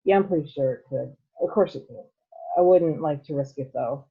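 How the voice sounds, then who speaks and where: A woman voicing an eccentric, excitable male chocolate maker who exclaims loudly, over a tinny phone-like line. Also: low-pitched, moderate pace, husky. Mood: exclaiming. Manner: loud exclamations.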